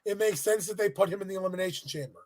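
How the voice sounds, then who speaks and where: A man co-hosting a podcast, telling a story in an animated way and swearing freely. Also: high-pitched, racing. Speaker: podcast co-host. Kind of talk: casual chat recapping a wrestling event.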